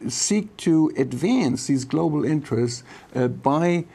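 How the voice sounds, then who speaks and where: A man's voice: fairly high pitch, lively intonation, takes it slowly, gravelly, mellow, breathy edge. German man answering with many fillers. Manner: hesitant, many fillers and restarts. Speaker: guest expert on foreign policy. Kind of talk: policy interview, unscripted.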